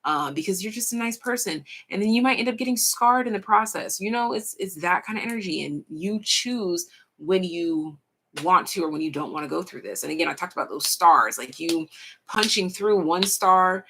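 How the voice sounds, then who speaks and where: A young woman giving a casual pick-a-card tarot reading, frank and slangy, swearing freely and stretching out her pauses. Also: lowish voice, sharp tone, breathy edge. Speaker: tarot reader.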